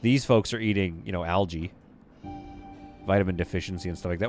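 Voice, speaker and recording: Deep-voiced, brisk, and a little mellow, a streamer from Vancouver in western Canada plays a space sim live, narrating his thoughts and talking with his viewers. Soft music plays in the background.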